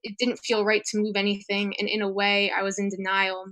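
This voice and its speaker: A woman reads her memoir prose in a quiet, restrained manner. Her pitch barely moves, and the sound is dry and close with no room around it. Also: brisk, dry recording, rough recording. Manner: quiet, even, restrained reading. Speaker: graduate writing student. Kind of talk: reading her own memoir prose aloud.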